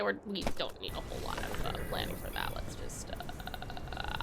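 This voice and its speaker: An Australian woman streaming a game, chatting excitably with lots of giggles and playful baby talk. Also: deep voice, moderate pace, creaky, a little hiss or hum. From Tasmania, Australia. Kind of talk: live game stream commentary.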